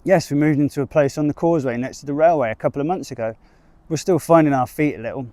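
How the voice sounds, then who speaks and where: A man's voice: a little high, quick pace, dark tone, no echo, lightly acted. A man voicing a polite, hesitant woman new to a village, speaking in a raised, careful voice. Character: polite, hesitant young-ish newcomer woman.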